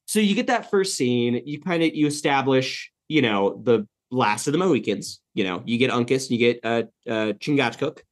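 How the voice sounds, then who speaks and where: A man co-hosting a casual film podcast, talking in an animated way, swearing freely and laughing often. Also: mid-range voice, normal speed, few pauses. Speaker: podcast co-host.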